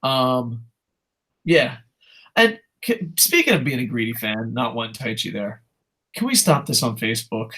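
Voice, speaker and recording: A young man co-hosting a casual wrestling podcast, ranting in a profane, animated way. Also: mid-range voice, unhurried. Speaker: co-host.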